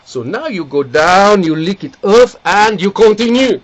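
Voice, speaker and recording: A man's voice: sits high, animated, measured pace, pitched above the performer's own voice. A man playing an amorous, theatrical Frenchman in a put-on French accent with broken English. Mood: boastful.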